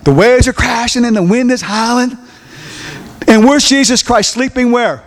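A male preacher with a very high voice leads a call-and-response sermon. He acts out the voices in his story and climbs to shouts. His voice rings through a church hall with a long echo. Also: moderate pace.

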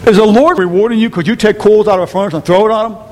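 A man's voice: high-pitched, racing. A man preaching a sermon as pastor, emphatic and firing questions at the congregation. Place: church hall. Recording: reverberant hall with faint noise.

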